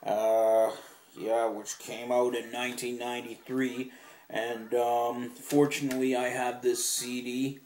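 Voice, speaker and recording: A man's voice: medium pitch, level tone, takes it slowly, darkish tone, reverberant, slight background noise. A young man casually showing off his favorite albums, enthusiastic and rambling, swearing now and then. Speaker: music collector vlogger. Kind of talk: casual show-and-tell.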